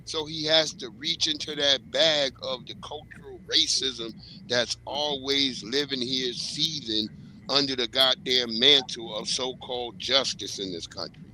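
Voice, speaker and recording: A man's voice: mid-range voice, unhurried, pushed and bright, a little hiss or hum, low-quality recording. A man on a casual panel, ranting in a heated and blunt way.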